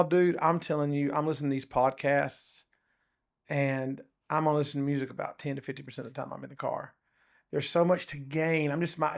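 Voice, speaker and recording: A man co-hosting a podcast, talking in a casual, animated and rambling way. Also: on the high side. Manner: animated, rambling, says "dude" and "um" often. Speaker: podcast co-host. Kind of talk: casual chat.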